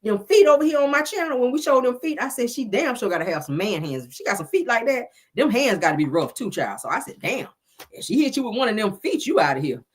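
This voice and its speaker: A woman's voice: a little high, sing-song, fast talker, hardly any pauses, husky. A middle-aged woman, casually recapping a reality show, sassy and chatty, a bit congested from a cold. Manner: chatty, sassy, says "child" and "y'all" a lot. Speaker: reality TV review host.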